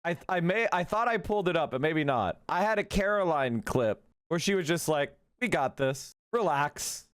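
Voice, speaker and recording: Hosting a political livestream, this man talks in a loose, foul-mouthed, lively style full of rapid side comments. His voice leans high, with a clear and resonant tone.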